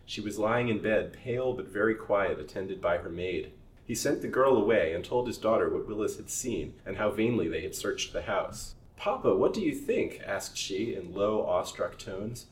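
Low-voiced man reading a story aloud. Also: moderate pace. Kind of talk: reading a serialized novel aloud. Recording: roomy recording from a distance, faint hiss.

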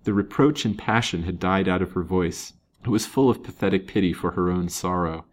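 A man with a very low voice narrates an old serial novel. He reads in a measured, dramatic storybook style. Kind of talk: storybook reading.

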